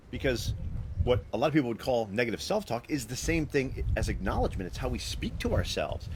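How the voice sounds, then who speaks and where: A man hosts a live stream and tells a personal story, his pitch swinging up and down as he talks. He restarts sentences often and speaks straight to his viewers. A faint hum of ambient noise sits behind him. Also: a little fast. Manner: animated storytelling, frequent restarts. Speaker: host.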